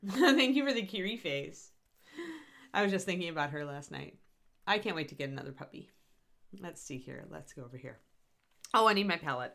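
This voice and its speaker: A woman's voice: on the low side, vocal fry, fairly bright tone. Chatty, scattered woman host. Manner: chatty, self-deprecating, scattered. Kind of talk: live painting tutorial chat.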